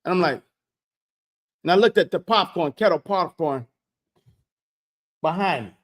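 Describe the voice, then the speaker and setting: At a measured pace and in a high-sitting voice, a vlogger animatedly recounts a casual story. Conversations get retold through many "I said, he said" lines, and he repeats himself whenever he's excited.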